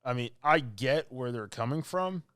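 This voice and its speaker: A man with a smooth, resonant voice rambles through a movie plot for his podcast, full of fillers and asides. The sound is close and dry, with no room around it. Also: medium pitch, expressive, moderate pace, a bit bright, no echo. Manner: rambling, filler-heavy storytelling with laughs. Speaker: podcast co-host. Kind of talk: casual movie recap.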